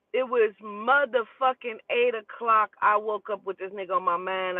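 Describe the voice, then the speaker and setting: A woman's voice: fairly high pitch, no room sound. Profane storytelling woman, tinny sound. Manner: profane, animated, talking to herself aloud. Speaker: spiritual reader. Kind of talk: casual storytelling. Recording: tinny phone-like dry audio.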